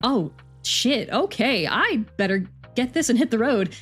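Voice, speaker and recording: A woman's voice: on the high side, big pitch swings, a little slow, husky, soft background music, heavily acted. A woman voicing a weary, wry young woman football player who sighs and curses. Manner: sarcastic, sighing, swearing.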